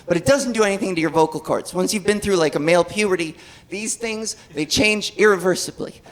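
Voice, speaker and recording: A trans woman performing a stand-up set, animated and self-deprecating, swearing freely and laughing at her own jokes. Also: medium pitch, brisk, rough recording. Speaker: stand-up comedian. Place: comedy club stage. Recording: live club audience laughing.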